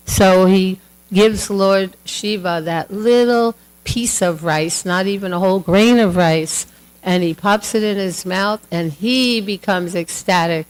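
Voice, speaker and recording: A woman's voice: medium pitch, takes it slowly, clean tone, low-quality recording. Woman telling a temple class story, casual, lots of um and like. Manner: chatty, filler-heavy, acts out voices. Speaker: class speaker.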